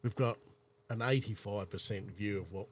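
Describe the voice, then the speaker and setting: Australian man, low voice, rambling storyteller, faint hum behind. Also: moderate pace. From South Australia. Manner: rambling anecdotal storyteller, laid-back. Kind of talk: casual chat.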